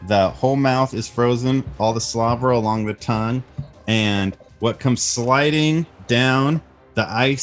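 Casual man running a tabletop game. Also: medium pitch. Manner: casual, friendly, filler-laden narration. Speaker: game master. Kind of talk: narrating a family tabletop game.

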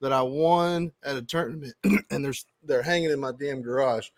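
A man with a mid-range voice hosts a fishing podcast, spinning a long story in casual conversation at a normal pace. He rambles, swears a lot, and keeps restarting, and the recording is dry.

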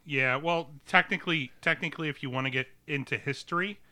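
Bright-voiced stammering male co-host. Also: on the high side, a little fast. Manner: hesitant, stammering restarts. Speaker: podcast co-host. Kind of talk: casual movie-review chat.

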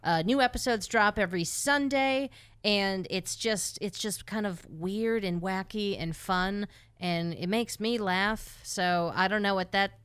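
Smooth-voiced excitable woman chatting. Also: mid-range voice, unhurried. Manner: excitable, laughs often, stumbles into sentences. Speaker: podcast co-host. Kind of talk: casual chat.

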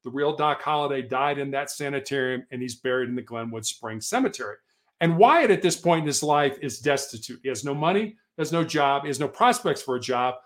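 A man's voice: medium pitch, animated, fairly quick. A man as an interview guest, telling a story in an earnest, motivational way. He lives in Colorado. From Colorado, USA.

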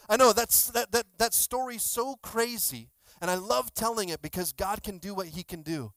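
A male pastor giving a sermon, telling stories in an animated way, acting out quotes and often repeating words. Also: high-pitched, dry recording. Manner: animated storytelling, acts out quotes; repeats words, many restarts.

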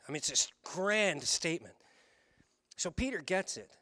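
Animated male preacher telling a story. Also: fairly high pitch, dry recording, studio quality. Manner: animated storytelling, shifts between fast runs and slow emphasis. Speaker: pastor. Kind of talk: sermon.

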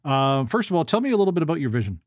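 A man's voice: a little high, big pitch swings, racing, a little mellow, dry recording, studio quality. A man with a Canadian accent hosting a podcast in a friendly, casual chat full of fillers and restarts. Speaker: podcast host.

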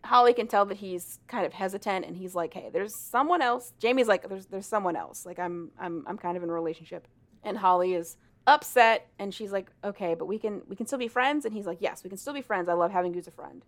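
A young woman with a mid-range voice talks fast as she retells a story in casual chat. She's married and co-hosts a podcast, and she animatedly acts out the characters' lines, swearing and laughing along the way.

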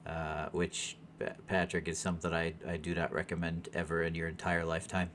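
A man's voice: sits low, monotone, fairly quick, fairly bright tone, a little hiss or hum. A man co-hosting a podcast in casual chat, mostly giving short replies and dry remarks. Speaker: podcast co-host.

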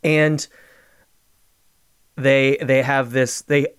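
A man's voice: mid-range voice, little pitch movement, very slow, clear, resonant tone, no echo, clean studio sound. A man co-hosting a podcast, chatting casually about a film and telling stories with laughs. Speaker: podcast co-host.

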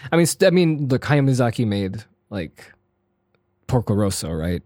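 A man's voice: mid-range voice, big pitch swings, moderate pace, dark tone, no echo. Easygoing podcast guy chatting about movies, mid voice, super dry close sound. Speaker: podcast co-host. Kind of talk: casual chat.

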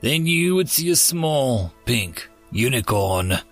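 A man voicing an ancient hooded male Death figure, speaking in a formal, clipped, unhurried way. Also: medium pitch, big pitch swings, faint music behind. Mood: stern.

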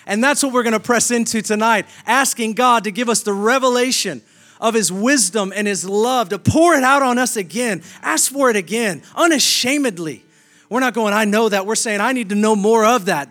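A pastor preaching a sermon with emphatic, repeated declarations. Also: male voice, sits high, normal speed, fairly bright tone.

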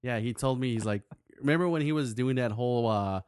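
A man's voice: medium pitch, brisk, a little mellow, clear, resonant tone, no echo. Man, casual podcast co-host, swears a lot, acts out quotes, dry close sound. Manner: profane storytelling, acts out quotes. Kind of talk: casual chat.

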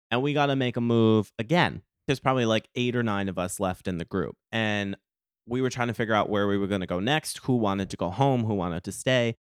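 A young adult man hosting a solo podcast, telling an animated, profane story full of quoted dialogue. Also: medium pitch, clean tone, no echo, clean studio sound. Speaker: podcast host.

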